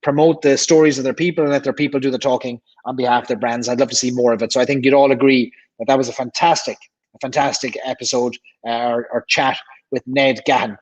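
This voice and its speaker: A man's voice: mid-range voice, fairly even intonation, fast, rough recording. An Irish man hosting a casual livestream, chatting and reading viewer comments aloud, often repeating himself. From Ireland. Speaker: livestream host.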